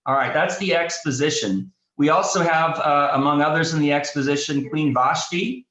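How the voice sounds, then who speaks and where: A man, a pastor, leading a Bible study class in a casual teaching style, speaking haltingly with many fillers and restarts. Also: a little high, a bit bright, reverberant, poor audio.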